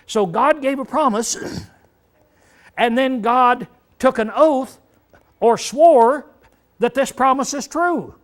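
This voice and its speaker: An older man preaching a Bible study sermon in a folksy manner, often clearing his throat and asking the congregation rhetorical questions. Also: extremely high pitch, slow, pauses often.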